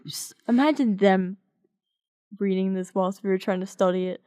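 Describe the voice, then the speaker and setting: A woman's voice: medium pitch, moderate pace, clean tone, no echo, clean studio sound. A young Irish woman co-hosting a podcast in casual chat, laughing often and swearing freely as she tells stories. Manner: giggly, swears casually, animated storytelling. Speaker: podcast co-host.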